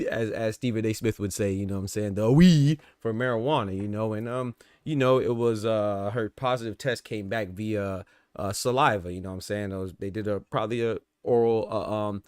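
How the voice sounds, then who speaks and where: A man's voice: lowish voice, normal speed, darkish tone, clear, resonant tone, no echo, clean studio sound. A man hosting a boxing podcast in casual chat, laid-back and slangy, with "man" and "you know what I'm saying" in nearly every line. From American South. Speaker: podcast host.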